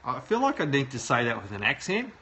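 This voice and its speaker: A man's voice: medium pitch, huge pitch swings, a little fast, bright, forceful tone, a little hiss or hum, poor audio. A man hosting a live show, reviewing a website aloud and giving plain, direct advice. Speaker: SEO consultant host. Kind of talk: live website review, talking while browsing.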